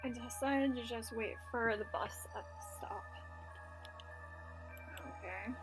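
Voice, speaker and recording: A woman's voice: fairly high pitch, takes it slowly, over music. A woman playing a story game, reading its narration aloud and reacting casually, with filler words and swearing. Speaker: let's play gamer.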